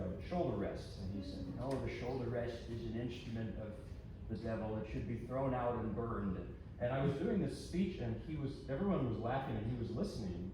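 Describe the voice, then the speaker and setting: A pianist introducing his pieces to a recital audience, chatty and self-deprecating, often restarting his sentences. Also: mid-range voice. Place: concert hall. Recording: echoey hall from far off, ambient noise.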